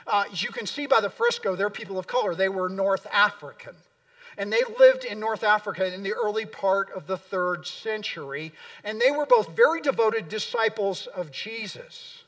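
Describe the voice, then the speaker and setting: A middle-aged male pastor delivers an earnest sermon in a church, leaning on repeated words for emphasis. His voice sits high for a man. He is picked up from some distance, so the sound is a little remote. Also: normal speed, fairly bright tone. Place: church sanctuary.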